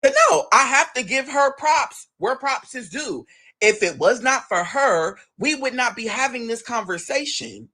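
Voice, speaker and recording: A man telling a personal story with big pitch swings and a forceful, bright tone. He curses freely and acts out every moment. His delivery is dramatic and expressive. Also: measured pace. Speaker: storyteller, show guest.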